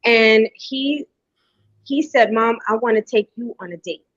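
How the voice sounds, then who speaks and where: A woman's voice: fairly high pitch, unhurried, dry recording. A middle-aged woman hosting a podcast, telling a heartfelt story in casual conversation and acting out the quotes. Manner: animated storyteller, acts out quotes. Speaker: podcast host. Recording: dry, dull lo-fi sound.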